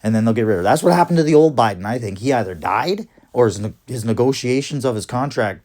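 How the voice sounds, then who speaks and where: A man's voice: medium pitch, expressive, fast, darkish tone. Agitated, profane man ranting. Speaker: vlogger. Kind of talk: casual ranting monologue to camera. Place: cold garage. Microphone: jacket rustling near the mic.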